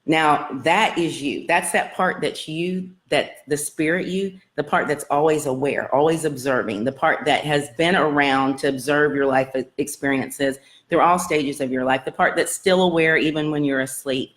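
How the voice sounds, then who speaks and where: A woman's voice: deep voice, moderate pace. A woman casually telling her personal story to her online viewers, earnest and rambling, with many fillers and restarts. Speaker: self-help vlogger.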